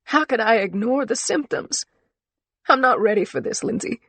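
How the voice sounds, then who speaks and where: A woman's voice: fairly low pitch, expressive, moderate pace, breathy edge, no room sound. Woman reader playing a frightened woman doctor: tearful, shaky, pleading, dry close read.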